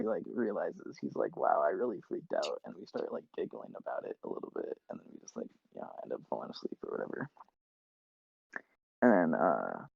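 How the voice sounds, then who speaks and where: A man's voice: a bass voice, vocal fry, husky, dry recording. A young man and podcast co-host telling a long casual story, full of filler words and acted-out quotes. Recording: dull lo-fi podcast mic.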